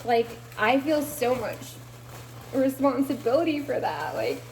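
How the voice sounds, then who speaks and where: A woman's voice: high voice, a little slow, darkish tone, slight background noise. A tired woman talking in a casual video diary from her home kitchen, rambling and emotional, laughing through sadness. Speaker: vlogger recovering from surgery.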